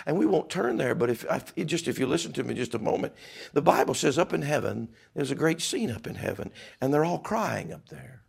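Gravelly, husky preacher man. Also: mid-range voice. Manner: fervent, builds to loud climaxes. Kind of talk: sermon.

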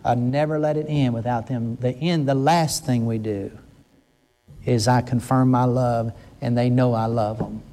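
An older man preaching a conversational sermon, earnest and emphatic, slowing down to stress his words. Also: mid-range voice, steady tone, dark tone.

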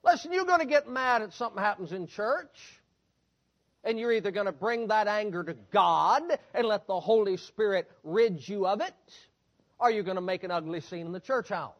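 A man's voice: sits high, animated, normal speed, lo-fi sound. A man preaching a sermon in an emphatic, repetitive cadence that builds through lists and rhetorical questions.

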